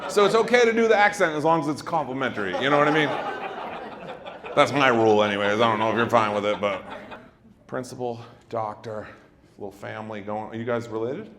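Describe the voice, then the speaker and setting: A male stand-up comedian doing loud, teasing crowd work on a club stage. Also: medium pitch, brisk, noisy background. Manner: loud, brash, teasing the audience. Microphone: handheld stage mic. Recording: live club with crowd laughter. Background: audience laughter.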